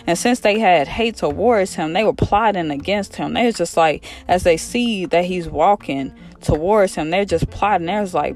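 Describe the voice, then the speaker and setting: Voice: medium pitch, normal speed, few pauses, soft background music. A preacher giving a devotional sermon in a casual, fervent style, repeating phrases for emphasis. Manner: fervent, repetitive exhortation.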